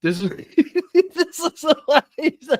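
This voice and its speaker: A man's voice: very high voice, sing-song, slow pace, darkish tone, no echo. A man hosting a political livestream, reacting to clips with heated, profane, mocking commentary. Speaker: political talk show host.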